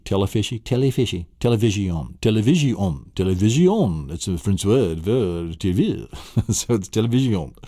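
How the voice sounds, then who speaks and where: A deep-voiced man from Tennessee with a Southern US accent leads a memory-training lesson. He repeats words and quizzes the listener in an upbeat way. The recording is close and dry. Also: dark tone, no room sound. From Tennessee, USA. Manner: enthusiastic, repetitive quizzing with vivid imagery.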